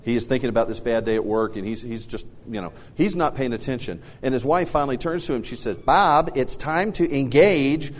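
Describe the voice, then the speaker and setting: A middle-aged man co-hosting a casual parenting talk, telling animated stories and acting out the people he quotes. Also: quick pace, hardly any pauses, big-room sound. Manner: animated storyteller, acts out quotes with big pitch jumps. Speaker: co-host.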